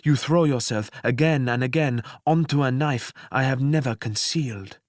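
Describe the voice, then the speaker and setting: A man voicing a calm, detached male immortal who speaks in a measured, quietly lecturing way. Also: mid-range voice, no echo, studio quality, voice pushed up, natural voice. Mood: serene.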